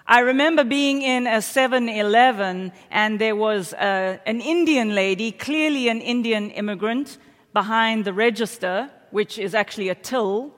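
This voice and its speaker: A woman's voice: a little high, moderate pace. A middle-aged South African woman gives a sermon in a church sanctuary, her voice trailing into a long hall reverb. She tells her stories in a chatty, self-deprecating way and keeps checking in with the congregation. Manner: chatty, self-deprecating storytelling with audience asides. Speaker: pastor.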